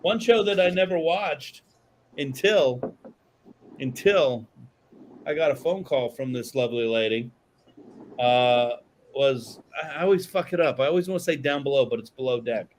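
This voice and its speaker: A man's voice: medium pitch, moderate pace, slight background noise. A man hosting a podcast in casual chat, rambling and swearing freely, with lots of fillers and restarts. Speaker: podcast host.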